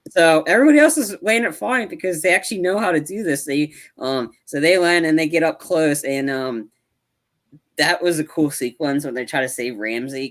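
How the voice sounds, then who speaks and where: A man co-hosting a podcast, chatting casually about a film, rambling with many restarts and acting out lines from scenes. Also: medium pitch. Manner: rambling, acts out film lines in animated bursts. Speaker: podcast co-host. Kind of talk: casual movie review chat.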